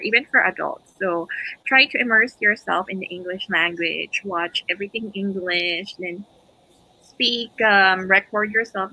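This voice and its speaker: A woman's voice: medium pitch, sharp tone, husky, poor audio. A woman with a Filipino accent, whose first language is Filipino, hosting a live stream in casual, encouraging chat and laughing between phrases over a video call. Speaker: host.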